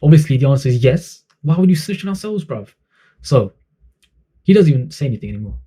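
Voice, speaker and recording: A man's voice: mid-range voice, sing-song, fast talker, dark tone, breathy edge. A man, telling a story in a chatty, casual way, full of slang and fillers. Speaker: vlogger.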